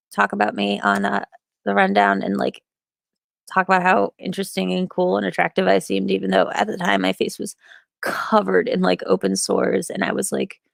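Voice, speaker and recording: A woman's voice: medium pitch, vocal fry, no room sound, clean studio sound. A woman hosting a livestream from a small attic, rambling casually with self-mocking humor and upspeak as she reads chat. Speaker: livestream host reading chat. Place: small attic in an old house.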